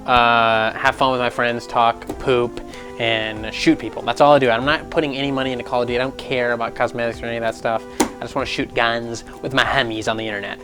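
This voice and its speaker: A young man hosting a casual gaming news show, animated and jokey, often slipping into mocking voices. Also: medium pitch, fast, music in the background.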